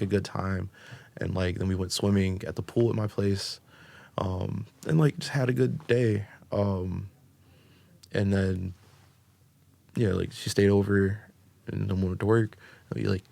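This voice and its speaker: American man, deep voice, gravelly, rambling podcast guest. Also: a little mellow, no echo. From United States. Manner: rambling, filler-heavy with constant "like" and "um". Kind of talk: casual storytelling.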